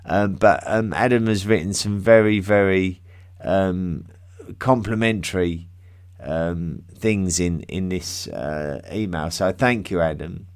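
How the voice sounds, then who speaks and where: A man's voice: deep voice, slow, no room sound, clean studio sound. An English man hosting a history podcast, chatting casually through listener mail with plenty of ums, restarts and self-deprecating asides.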